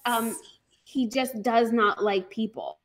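A woman's voice: fairly high pitch, fairly even intonation, slow. A woman co-hosting a live stream, talking in a rambling, emotional way with laughs and sighs. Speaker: co-host. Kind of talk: casual chat on a live stream.

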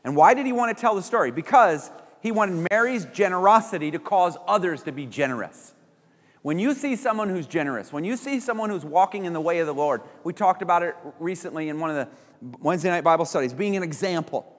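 A man's voice: sits high, lively intonation, fast. A man preaching a sermon as pastor, acting out little voices of the people he quotes. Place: church sanctuary. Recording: church hall reverb.

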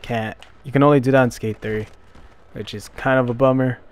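A young man giving casual let's-play commentary, self-deprecating, with loud frustrated outbursts. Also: mid-range voice, steady tone, fairly quick. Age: young adult. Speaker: gameplay commentator.

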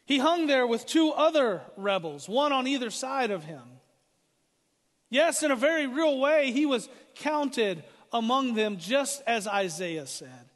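High-voiced preaching man, long hall echo. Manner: dramatic preaching, swings from loud to hushed. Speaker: pastor. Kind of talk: sermon. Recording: hall reverb.

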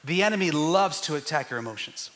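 A middle-aged man preaching a lively church sermon, joking with the congregation and building to shouts. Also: on the high side, fast talker. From United States. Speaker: pastor. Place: church sanctuary.

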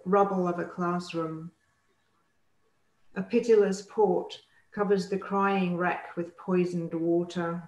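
A woman reads poetry aloud at an unhurried, measured pace, letting each line land before moving on. Her voice sits at an ordinary middle pitch. The recording carries a noticeable roomy echo. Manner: slow, deliberate recitation with weighty pauses. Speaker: poet reading aloud. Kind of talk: poetry reading.

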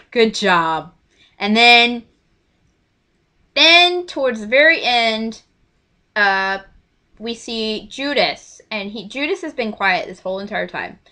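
Bright-voiced young woman telling a story. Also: a little high. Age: 20s. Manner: animated, emotional retelling with quoted voices. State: choked up. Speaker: vlogger. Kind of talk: casual storytelling.

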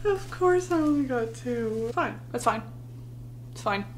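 A woman in her twenties with a slightly high, animated voice talks at a measured pace over loud music. In her casual vlog, this YouTuber decorates her bedroom while chatting sarcastically, feeling sweaty and lightheaded and often laughing at herself.

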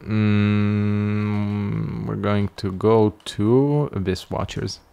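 A man's voice: on the low side, steady tone, very slow, gravelly, mellow, clean tone. A male streamer giving casual gameplay commentary, making wry jokes and yawning as he plays. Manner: wry, joking asides while playing. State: sleepy, yawning.

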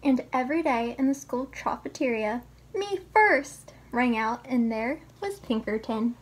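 A woman reading a children's picture book aloud as a teacher, slow and expressive. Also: a little high, husky. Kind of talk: storybook read-aloud.

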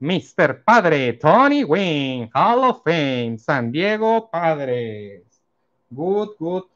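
Slow man reading out baseball cards. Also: on the high side, big pitch swings, a bit bright, lo-fi sound. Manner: slow, reads out each card name and team. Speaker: card collector opening packs. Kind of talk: casual card-opening commentary.

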